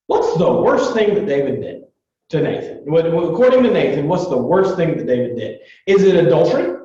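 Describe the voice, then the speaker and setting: Young guy teaching a bible lesson, lots of likes and uhs, slightly high voice, far off the mic, really echoey. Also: moderate pace. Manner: chatty, filler-heavy, animated retelling. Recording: distant echoey lo-fi recording.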